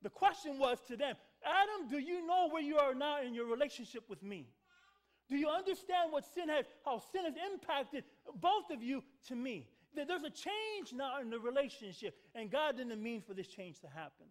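A man's voice: extremely high pitch, expressive, moderate pace. A man preaching a sermon as pastor of a church, calling out to the congregation for responses and repeating words for emphasis. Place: church sanctuary.

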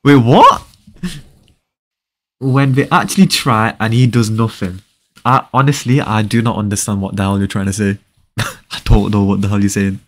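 A young man livestreaming a game, reading viewer comments aloud and answering them with playful teasing, often repeating short phrases in quick bursts. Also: fairly low pitch, steady tone. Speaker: live game streamer. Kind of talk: casual live-stream chat.

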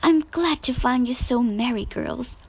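A woman voicing a gentle, kindly mother in a storybook reading. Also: a little high, expressive, measured pace, creaky, slightly rough, heavily acted, poor audio. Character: gentle middle-aged mother.

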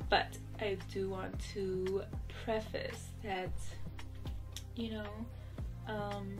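A young woman chatting casually to camera in her bedroom, rambling and giggling between asides. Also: mid-range voice. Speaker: vlogger. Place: bedroom at home. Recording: music playing in the background.

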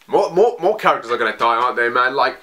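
A man giving casual reaction commentary on a comic, emotional and excitable, rambling with many restarts. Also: mid-range voice, quick pace. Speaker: manga reaction vlogger. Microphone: phone.

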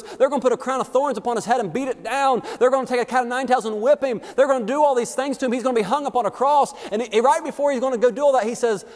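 A pastor preaches in a fairly high voice, emphatic and folksy. His delivery climbs and drops as he drives each point home. A long church reverb hangs after his words. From United States. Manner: emphatic preaching that rises and falls, with folksy asides. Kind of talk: sermon. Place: church sanctuary.

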